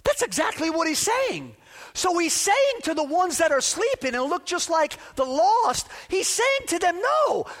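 A man with a very high voice delivers an emphatic sermon from the pulpit, repeating phrases for force. His voice rings through a church sanctuary with a long, echoing reverb. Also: very animated, normal speed, fairly bright tone. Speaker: pastor. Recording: long reverb of a large hall.

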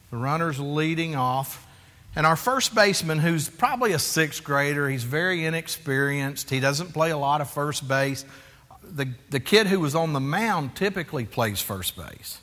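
Animated, bright-voiced pastor preaching in a hall. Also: male voice, on the high side. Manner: animated, confessional, acts out quotes, calls for amens. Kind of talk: sermon. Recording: echoey hall.

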